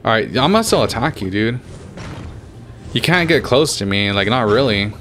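A man's voice: medium pitch, lively intonation, moderate pace, a bit bright, a little hiss or hum. A young man giving casual gameplay commentary, getting frustrated, swearing and trash-talking opponents as he plays. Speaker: gaming YouTuber.

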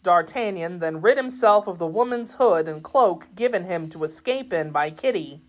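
A woman reading a classic novel aloud as an audiobook narrator, in steady, even storytelling. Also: on the low side, normal speed, rough recording. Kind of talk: scripted narration.

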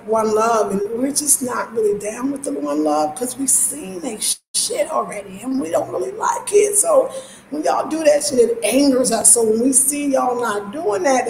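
A woman in her fifties with an African American accent, talking in an animated, emphatic way as a lifestyle channel host, with laughs and casual swearing. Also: a little high, reverberant, a little hiss or hum, rough recording. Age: 50s. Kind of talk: casual monologue.

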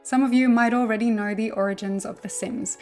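A woman who is not American, a linguist, reading a scripted explainer in a clear, measured, lightly humorous way. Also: fairly high pitch, steady tone, a little mellow, faint music behind. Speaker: linguist presenting a video essay.

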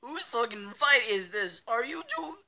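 A woman's voice: on the high side, animated, unhurried. A young woman reading out comments on her channel, giggling and swearing as she reacts. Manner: giggly, swearing, bursts into loud laughter. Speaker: channel owner. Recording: faint music behind.

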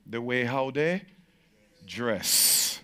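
A man preaching a sermon to a congregation as pastor, with emphatic repetition that swings from shouted peaks to slow, low phrases. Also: lively intonation, clear, resonant tone.

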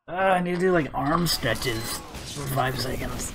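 A young man giving jittery, self-mocking commentary while playing a game, with excitable outbursts. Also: a little high, a little slow, pauses often, noisy background. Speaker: gaming video creator. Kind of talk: live gameplay commentary.

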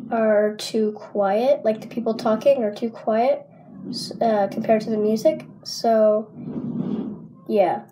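A woman hosting a reaction video in casual chat with viewers, giggly and full of fillers, her voice a little rough from being sick. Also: fairly high pitch, mellow, rough recording. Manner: giggly and chatty, many fillers.

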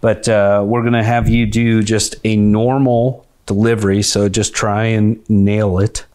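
A man's voice: on the low side, flat delivery, a little slow, a little mellow, smooth. Playful man hosting a podcast. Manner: playful, runs games with the guest. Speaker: podcast host. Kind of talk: casual comedy podcast chat.

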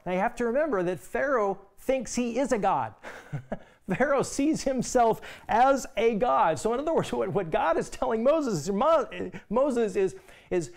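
This pastor, male, with a high voice, delivers his sermon in an animated, conversational style at a moderate pace. He tends to repeat words at the start of phrases, and for emphasis his voice goes soft and quiet.

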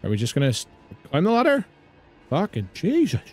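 A man's voice: a little high, huge pitch swings, brisk, soft background music. A man with a British accent doing live gameplay commentary, swearing and ranting at the game in exasperation. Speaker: streamer.

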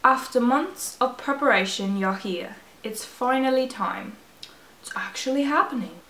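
A woman's voice: high voice, a little slow, a bit bright, reverberant. A woman putting on an attempted British accent to read a game's narration aloud, with an exaggerated, dramatic delivery. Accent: attempted British, put on badly. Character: female game narrator in a mock British accent. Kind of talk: reading game text aloud.

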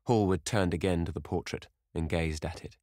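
Male audiobook narrator, deep and measured, dry studio sound. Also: warm tone, no echo. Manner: measured, dramatic reading. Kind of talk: scripted narration.

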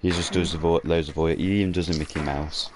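A man chatting casually with friends while gaming, laid-back and deadpan. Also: low voice, fast talker, a loud crowd. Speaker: gamer playing with friends.

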